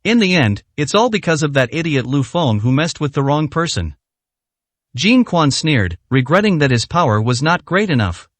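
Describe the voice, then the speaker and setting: A man's voice: on the high side, sing-song, moderate pace, no echo. Man narrating a story, dry close sound.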